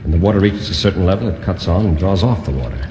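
A commanding male space hero in a 1950s radio adventure. His low voice snaps out urgent orders. The old transcription rings with a long echo under steady hiss. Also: racing. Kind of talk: 1950s radio drama acting.

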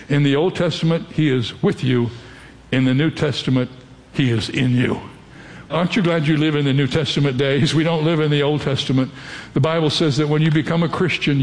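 An older male pastor delivers a sermon in an earnest, direct way, often turning to the congregation with questions. His voice sits a little high for a man. The sound carries a long reverb, like a large hall.

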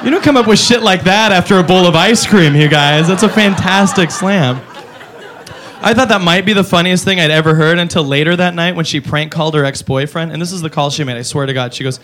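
A man performing a stand-up comedy routine, animated and jumping into squeaky character voices. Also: a little fast.

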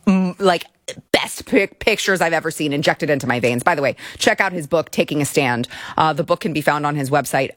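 A woman's voice: deep voice, no room sound, clean studio sound. A woman hosting a political talk show, speaking in a sarcastic, mocking way. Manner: sarcastic, mocking impressions of opponents.

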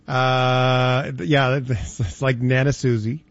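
A man's voice: medium pitch, highs cut off. A man hosting a radio show, chatting casually and joking with his co-host. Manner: animated, joking, does quick voices in anecdotes. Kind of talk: casual banter.

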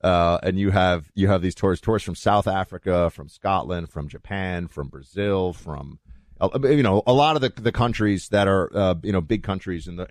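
A man's voice: low-pitched, no echo, studio quality. A man hosting a talk show, chatting in a rambling, casual way with many restarts and fillers.

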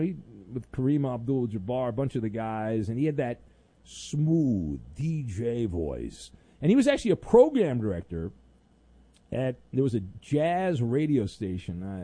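A man's voice: medium pitch, dark tone, no echo. A middle-aged man hosting a sports radio show, talking in a rambling, casual way with many fillers and wry asides.

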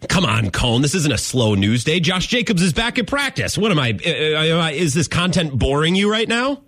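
High, lively-voiced sports radio host. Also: male voice, normal speed, no room sound. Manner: emphatic, repeats himself for effect. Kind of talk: opinionated sports talk radio.

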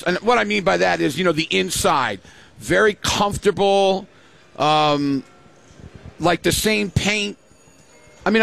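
Older man with a high gravelly voice. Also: fairly bright tone. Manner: storytelling, acts out quoted voices. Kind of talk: casual chat.

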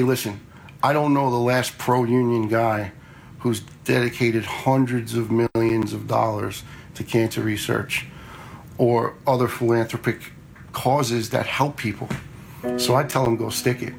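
Slight hiss or hum sits under this man's medium-pitched voice, which carries vocal fry. He's a retired fire lieutenant in his forties, blunt in manner, casually telling stories and repeating what he himself said.

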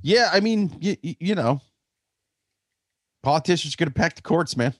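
A man co-hosting a comedy chat, spinning absurd stories and slipping into quick put-on voices. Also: fairly high pitch, lively intonation, no echo, studio quality. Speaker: podcast co-host. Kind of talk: casual comedic riffing.

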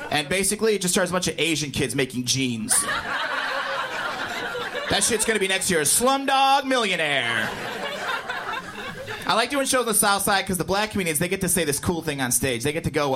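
A man from Indiana performing a stand-up comedy set, telling stories in an animated way and breaking into loud shouted impressions. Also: sits high, a little fast, a crowd in the background. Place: comedy club stage. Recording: club recording with audience noise.

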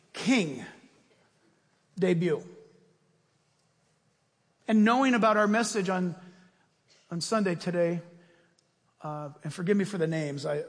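High-voiced fervent preaching man. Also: in a large hall. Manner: fervent, builds to loud proclaiming prayer. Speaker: pastor. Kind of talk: sermon and closing prayer.

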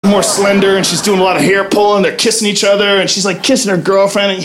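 High-voiced brash stand-up comic man. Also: fairly even intonation, fast, few pauses, slight background noise. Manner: brash, profane, loud punchlines. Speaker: stand-up comedian. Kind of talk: stand-up comedy routine. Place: comedy club stage. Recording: live club recording, audience laughter. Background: crowd laughing.

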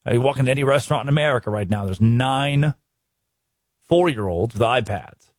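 A man's voice: mid-range voice, animated, fairly quick, no room sound, clean studio sound. A man from Arkansas hosting a sports talk show, ranting emphatically and restarting his sentences. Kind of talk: animated sports commentary.

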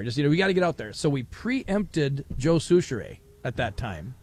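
A man's voice: medium pitch, moderate pace. A middle-aged man hosting a live radio talk show at a fair, telling stories and acting out other people's voices. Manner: animated storyteller, acts out voices. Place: outdoor fair broadcast booth.

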